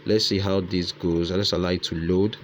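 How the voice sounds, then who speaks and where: A man's voice: low voice, flat delivery, normal speed, slight background noise. A man hosting a casual screen-recorded tutorial, thinking aloud and repeating his phrases as he dictates lines and punctuation. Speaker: tutorial host.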